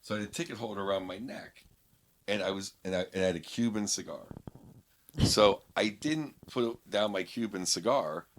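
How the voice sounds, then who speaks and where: A man's voice: fairly low pitch, moderate pace. A middle-aged man from Pittsburgh, a guest comedian telling a rambling anecdote on a podcast, full of restarts. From Pittsburgh, USA. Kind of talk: casual storytelling on a podcast.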